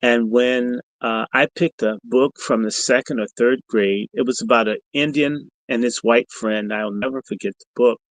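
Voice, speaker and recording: A middle-aged podcast host with a medium-pitched voice talks at a moderate pace with few pauses. His livestream monologue is an animated story told provocatively, profanely and combatively, and the poor audio has no echo.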